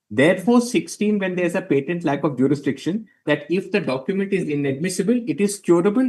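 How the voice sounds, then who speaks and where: A man's voice: high voice, fairly quick, hardly any pauses, a little mellow. A man arguing a case before a court, formal and deferential, setting out numbered points and addressing the bench as my lord.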